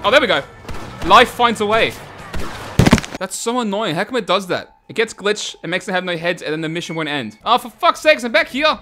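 Loud, foul-mouthed gaming man. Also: sits high, big pitch swings, fairly quick, faint music behind. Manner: loud, crude, shouts often and laughs at his own jokes. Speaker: gaming channel host. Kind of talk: profane comedic gameplay commentary.

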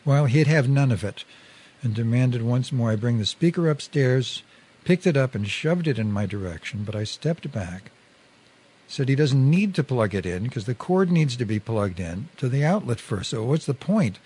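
A man with a husky, slightly breathy voice at an everyday pitch reads a first-person story aloud. He tells it in a measured, wry way and keeps an even storytelling pace. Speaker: reader.

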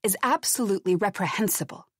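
Woman doing a brisk, imperious woman chemist. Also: mid-range voice, no echo, studio quality, natural voice. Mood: accusing. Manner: clipped, imperious, scolding. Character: brisk, self-assured woman chemist, adult.

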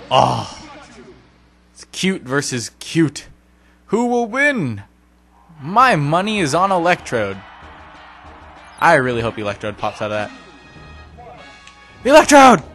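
An excitable young man provides casual let's play commentary over a video game, speaking slowly while his pitch swings widely from grumbles to sudden yelps. He makes fun of his own play, and faint music runs underneath.

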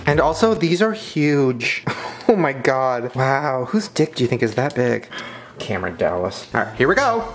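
An excitable man hosts a casual home vlog, his voice leaping all over the place as he shrieks, laughs and throws out crude jokes. Background music plays under his talk. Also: on the high side. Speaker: YouTube host. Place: at home indoors.

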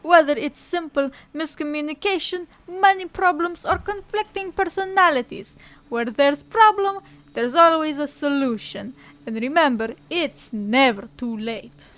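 A woman's voice: high-pitched, a little slow, fairly bright tone. A woman doing a perky ad announcer with an odd accent. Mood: salesy.

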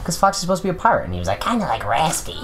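A woman playing a horror game with friends, loud and excitable, swearing and shrieking at scares. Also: low-pitched, very fast. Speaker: let's play gamer. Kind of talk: casual group gameplay chat. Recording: noisy home recording.

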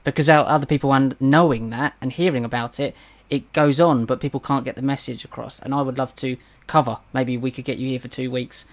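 A man's voice: mid-range voice, fairly even intonation, brisk. A British man hosting an interview, asking questions hesitantly with frequent restarts. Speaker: podcast host.

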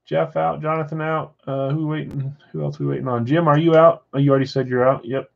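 A man hosts a live card-break stream from his house, talking casually and answering viewer comments as he goes. His voice sits a little high. The audio is slightly dull and lo-fi. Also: flat delivery, a little fast, gravelly. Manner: chatty, reads viewer comments aloud. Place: house with a floor above.

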